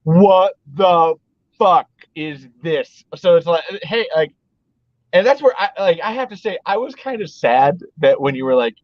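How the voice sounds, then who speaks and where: Podcast host guy, kinda high voice, rambly, swears a lot, dry dull sound. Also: very animated, normal speed, dry recording. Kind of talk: casual podcast chat.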